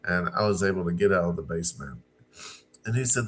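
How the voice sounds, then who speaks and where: This middle-aged man from Arkansas has a deep, expressive voice with a fairly bright tone. He tells a personal story slowly in a relaxed monologue, stumbling through fillers and restarts over a faint hiss or hum.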